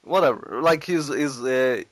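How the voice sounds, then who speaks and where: A man co-hosting a podcast, chatting casually and halting as he searches for words. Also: mid-range voice, lively intonation, no echo. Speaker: podcast co-host. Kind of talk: casual comedic chat.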